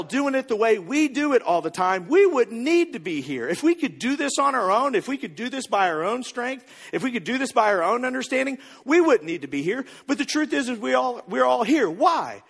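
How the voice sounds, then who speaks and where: A man preaching a sermon as pastor, animated and repeating words as he builds each point. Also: extremely high pitch, breathy edge.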